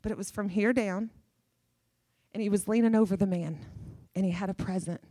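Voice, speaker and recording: A woman's voice: medium pitch, steady tone, brisk, warm tone, no room sound, studio quality. A middle-aged woman preaching a sermon with fervor, emphatic and repeating phrases for effect.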